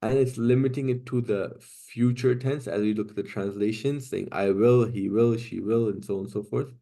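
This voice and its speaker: A man's voice: fairly low pitch, steady tone, normal speed, gravelly, dark tone. A man teaching an online class, explaining step by step and often checking in with "right?" and "okay?". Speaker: Quranic Arabic teacher.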